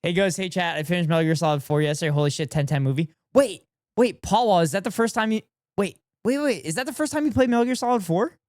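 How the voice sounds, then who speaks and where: Excitable male streamer, dry sound. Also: high-pitched, fast, dry recording. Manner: excitable, repeats phrases, laughs often. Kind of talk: casual reaction commentary to chat.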